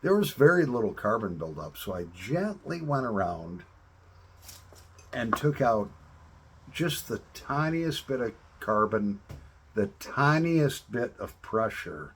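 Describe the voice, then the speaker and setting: A man casually chatting to camera as a pipe-smoking vlogger, telling rambling stories in a relaxed way. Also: medium pitch, a little hiss or hum. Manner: relaxed, rambling storytelling with drawn-out pauses.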